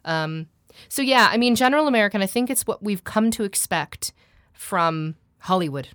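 A woman who is a trained actor and accent coach, chatting animatedly, quick to laugh, and demonstrating sounds as she explains them. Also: medium pitch, animated, a bit bright, clean tone, no room sound, studio quality.

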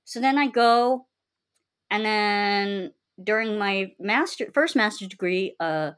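A woman's voice: medium pitch, slow pace, a bit bright. A young adult woman candidly telling her life story in a casual, rambling way, with many fillers and quotes of her own past words.

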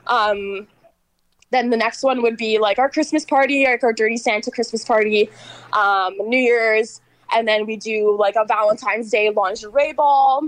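A woman's voice: on the high side, steady tone, moderate pace, no echo, rough recording. A woman guest talking on a phone in casual chat, easygoing, with a lot of "um" and "like". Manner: easygoing, filler-heavy speech. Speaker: podcast guest, party organizer.

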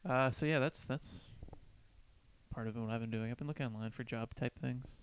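Smooth-voiced man chatting casually. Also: medium pitch, steady tone, normal speed. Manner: chatty, swearing, acts out quoted people. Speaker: podcast co-host. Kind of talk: casual chat.

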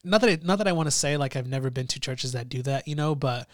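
A man's voice: mid-range voice, dry recording, clean studio sound. A young man chatting casually and enthusiastically on a podcast, with lots of "like", restarts and laughter. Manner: enthusiastic, filler-heavy, quick to laugh.

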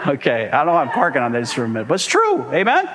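Emphatic preacher in a reverberant hall. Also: male voice, medium pitch, huge pitch swings, quick pace, a crowd in the background. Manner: emphatic, call-and-response, asks "amen?". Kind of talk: sermon. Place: church hall.

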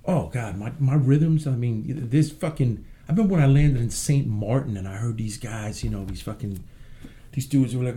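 A man being interviewed as a guest, animated and swaggering, who curses freely as he tells his stories. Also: medium pitch, moderate pace. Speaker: guest, country rapper. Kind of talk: casual interview storytelling.

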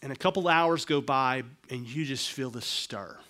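At a normal speed, a middle-aged male preacher moves back and forth between subdued, low remarks and raised, insistent passages in his sermon.

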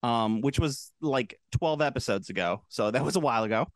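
A man's voice: medium pitch, lively intonation, brisk, no echo. A man co-hosting a podcast, talking casually and opinionatedly, swearing freely. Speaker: podcast co-host.

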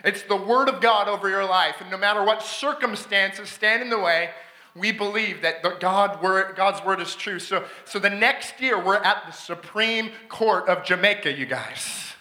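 A man preaching a sermon as a guest speaker, telling a story with excitement, frequent restarts and laughter. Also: high voice, moderate pace, echoey room. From Canada. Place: church sanctuary.

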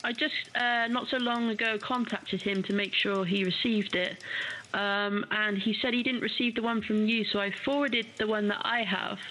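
A woman's voice: mid-range voice, fairly even intonation, normal speed, a little hiss or hum, poor audio. A woman co-hosting a casual talk show, chatty and fond of calling people darling. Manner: chatty and warm-hearted, says darling often. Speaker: co-host. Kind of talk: casual radio chat.

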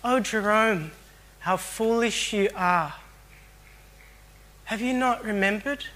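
A man voicing Jesus as a gentle, reassuring speaker who chides tenderly and speaks at an unhurried pace. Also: high voice, heavily acted.

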